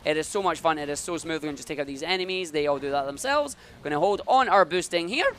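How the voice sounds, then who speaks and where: Bright-voiced man commentating a speedrun. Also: a little high, expressive, fast, a little hiss or hum. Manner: upbeat, talks through each move as he plays.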